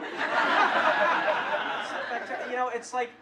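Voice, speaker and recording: Speaking at a moderate pace in an extremely high voice with a completely flat delivery, a young man works a comedy club stage, sharing awkward stories at his own expense before a live crowd. It's a distant, roomy live club recording thick with audience noise.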